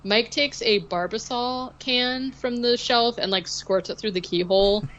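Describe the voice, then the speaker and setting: A woman's voice: on the high side, unhurried, a bit bright, muffled recording. A woman co-hosting a podcast, recapping a film in casual, rambling chat full of likes and ums. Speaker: podcast co-host.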